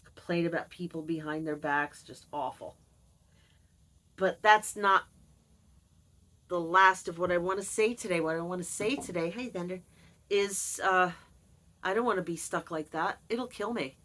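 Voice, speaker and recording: A woman in her fifties with a somewhat low voice speaks candidly and earnestly to her vlog audience. She drops in dry, wry asides between heavier thoughts. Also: a little slow, pauses often, a bit bright, rough recording. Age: 50s. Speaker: vlogger. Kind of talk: personal confessional vlog.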